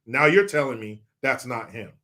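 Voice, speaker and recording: A man's voice: medium pitch, animated, normal speed, bright, forceful tone. A man reading viewer comments on a live stream, joking, swearing and mock-outraged.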